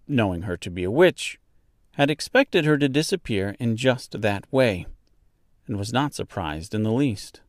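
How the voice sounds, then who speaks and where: A man hosting a podcast, reading a children's classic aloud in slow, deliberate storybook narration. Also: on the low side, no echo, studio quality.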